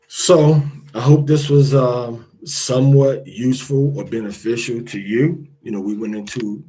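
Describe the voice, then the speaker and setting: A man's voice: medium pitch, expressive, dark tone, husky, poor audio. A man teaching Hebrew pronunciation in a casual spoken lesson, repeating each word aloud several times. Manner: slow and repetitive, drilling each word aloud with fillers.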